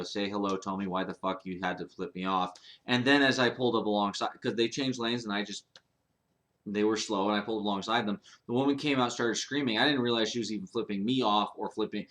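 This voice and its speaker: A man's voice: medium pitch, fairly bright tone. A man talking casually to camera in a rambling, profane monologue full of restarts. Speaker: vlogger.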